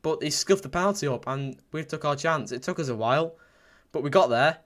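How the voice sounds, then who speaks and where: Young man, fan watchalong commentary, excitable and repetitive, fairly high voice. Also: brisk. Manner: excitable, repetitive, bursts into shouts at big moments. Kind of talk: live football watchalong commentary, reading chat.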